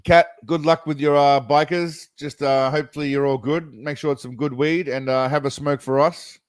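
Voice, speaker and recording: Talking straight to his chat, a man casually comments on videos during a live stream in a rambling, chatty way. His voice is fairly high, clear and resonant, with a steady tone, a moderate pace, and no echo.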